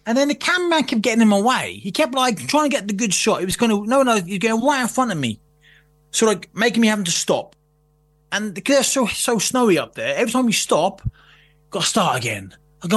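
This is a man in casual conversation, running through a story with plenty of swearing and frequent laughter. His voice sits high for a man. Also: fairly quick. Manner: animated, swearing, laughing often.

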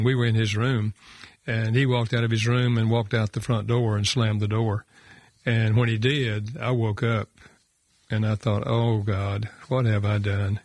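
A man's voice: lowish voice, dry recording, clean studio sound. An older man telling a personal story as a talk show guest, reflective and folksy, with frequent fillers. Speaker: guest author and counselor.

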